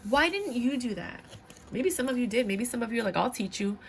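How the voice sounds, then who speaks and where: A woman's voice: on the high side, a little fast, vocal fry, slight background noise. A young adult woman giving a tarot reading, speaking bluntly and animatedly. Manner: animated, blunt, slips into voices of others. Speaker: tarot reader.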